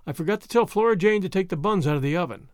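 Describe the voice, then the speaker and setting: A man's voice: sits high, lively intonation, no room sound, clean studio sound. Man doing a fussy, bustling hostess woman. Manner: brisk, fussy, talks over everyone. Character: bustling, chatty middle-aged woman hostess. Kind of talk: audiobook character reading.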